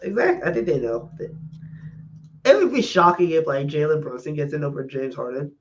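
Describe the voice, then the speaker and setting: A man co-hosting a casual sports podcast, rambling and halting with many fillers as he gives his opinions. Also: a little high, very animated. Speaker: podcast co-host. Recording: dull lo-fi mic with faint noise.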